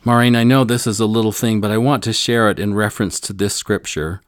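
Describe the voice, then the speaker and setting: Earnest older man with a deep voice. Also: fairly even intonation, a little fast, no echo, studio quality. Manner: earnest storytelling with solemn emphasis. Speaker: scripture teacher. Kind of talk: scripture discussion with personal story.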